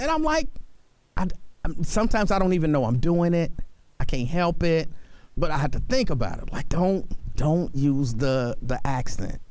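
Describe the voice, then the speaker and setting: A man's voice: fairly high pitch, a little mellow, dry recording. A man hosting a talk radio show, talking casually and animatedly, often repeating himself for emphasis. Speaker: radio host.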